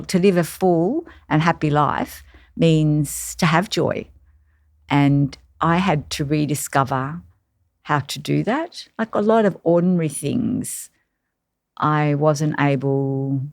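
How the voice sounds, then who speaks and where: Slow, low-voiced woman reflecting. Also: creaky, no room sound, studio quality. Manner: reflective and halting, with many pauses and restarts. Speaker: carer sharing her story. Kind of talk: personal storytelling interview.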